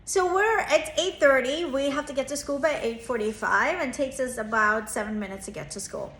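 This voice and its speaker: Here a woman in her thirties who works as a therapist and parenting coach recounts something personal, earnest and reflective. She has a high, fairly bright voice at a moderate pace, recorded with roomy sound and slight hiss or hum. When she voices quotes, her pitch lifts.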